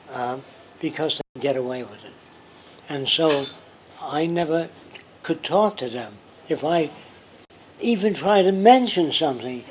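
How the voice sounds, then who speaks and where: A man's voice: a little high, darkish tone, a little hiss or hum, rough recording. An older man telling anecdotes in casual conversation, acting out the people he quotes. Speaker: interviewee. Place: pub. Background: pub ambience.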